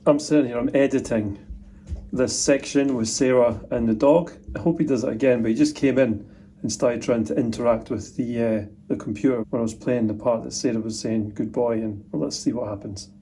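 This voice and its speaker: A man's voice: medium pitch, steady tone, fairly quick, mellow, soft background music. A man chatting in a laid-back, modest and dry way while working on a home project. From Scotland. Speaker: vlogger, husband. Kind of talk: casual chat.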